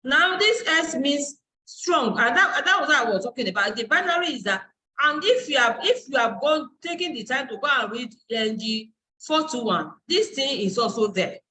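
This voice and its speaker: A woman's voice: high-pitched, lively intonation, moderate pace, bright, forceful tone, slight background noise, rough recording. A woman university lecturer and dean giving a live online class, explaining step by step and searching aloud for terms.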